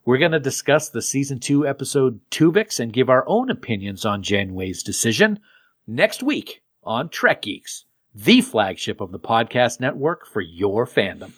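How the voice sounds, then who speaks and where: A man's voice: medium pitch, very animated, normal speed, husky. A man co-hosting a podcast in casual, joking banter, laughing often. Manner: joking, laughs often, playful silly voices. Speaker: podcast co-host.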